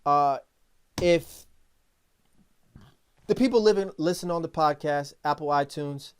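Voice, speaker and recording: Rambling, animated podcast host man. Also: on the high side, a little slow, smooth. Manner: rambling, animated storytelling with restarts. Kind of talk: casual podcast talk.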